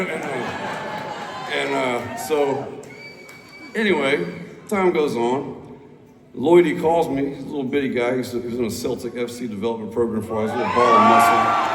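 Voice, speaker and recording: A man's voice: medium pitch, moderate pace, pauses often. A man on stage telling a long, rambling, profane story between songs, laid-back and loose. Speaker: musician on stage. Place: large concert hall indoors. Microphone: stage PA recorded by audience phone. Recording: echoey hall, crowd noise, far off.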